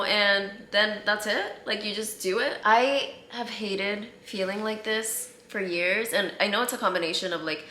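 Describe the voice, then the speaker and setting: Young woman, casual vlog chat, candid, roomy echo, loud background noise. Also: mid-range voice, measured pace, few pauses. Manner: chatty, candid, laughs easily. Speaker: vlogger. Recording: echoey room with loud ambient noise.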